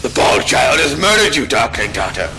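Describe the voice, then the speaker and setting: A man voicing an arrogant ancient male demon lord, slow and menacing, reading game dialogue aloud. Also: medium pitch, sing-song, gravelly, background noise.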